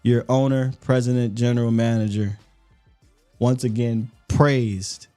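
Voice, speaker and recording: A man's voice: mid-range voice, little pitch movement, unhurried, mellow, soft background music. A man hosting a casual sports talk show, speaking in a sarcastic, mocking way. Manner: sarcastic, mocking, puts on quoted voices. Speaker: sports podcast host.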